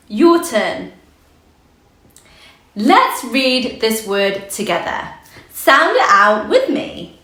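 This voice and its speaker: A woman leads a children's phonics lesson, sounding out each letter with great care. She speaks very slowly in a bright, high and lively voice. The room around her gives an echo. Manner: slow, sing-song and encouraging, sounding out letters.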